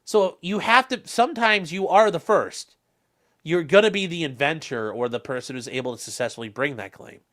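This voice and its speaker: A man's voice: on the high side, normal speed, a bit bright. A young man hosting a casual livestream, rambling through legal talk and viewer comments with plenty of fillers and restarts.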